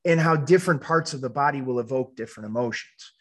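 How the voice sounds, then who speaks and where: A man hosting a casual podcast conversation, his voice at an ordinary middle pitch. He talks reflectively and feels his way through his thoughts, often restarting his sentences. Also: fast talker. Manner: reflective, hesitant, many restarts and backchannels.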